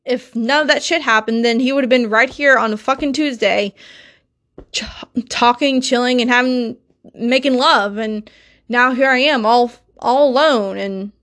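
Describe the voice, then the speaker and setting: A woman's voice: on the high side, a bit bright. A young woman hosting a solo podcast, talking in an emotional, insistent way and swearing often. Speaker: podcast host.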